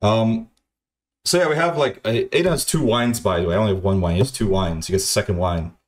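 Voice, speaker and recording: A man's voice: on the low side, fast. A man streaming to his chat, telling a story in a casual, profane, rambling way, stammering through restarts and swearing a lot.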